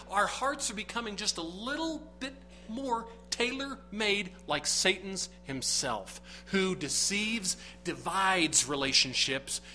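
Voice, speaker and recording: A man's voice: sits high, pushed and bright, rough recording. A man preaching a sermon, earnest and emphatic, often building to rising bursts of emphasis. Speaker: pastor.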